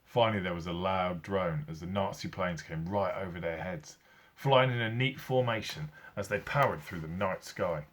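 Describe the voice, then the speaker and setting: A man's voice: low-pitched, moderate pace, fairly bright tone. A man, a teacher, reading a children's story aloud, acting out sound effects as he goes.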